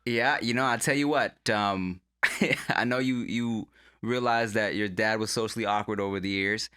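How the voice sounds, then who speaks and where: A man's voice: on the low side, fairly even intonation, sharp tone, clean tone, no echo, clean studio sound. A man in casual podcast chat, laid-back, agreeing and chiming in with his own stories. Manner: laid-back listener, quick agreeing backchannels.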